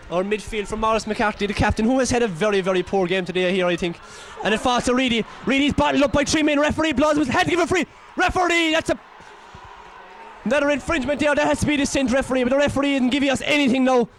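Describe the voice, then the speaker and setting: An Irish man giving excitable, partisan local commentary on a football match, exclaiming and scolding the players. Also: extremely high pitch, fast talker.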